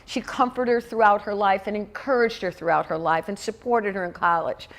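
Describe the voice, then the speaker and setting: A woman's voice: mid-range voice, fairly even intonation, fairly quick, creaky. A woman minister telling a story in a conversational sermon, with lots of "you know". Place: church sanctuary.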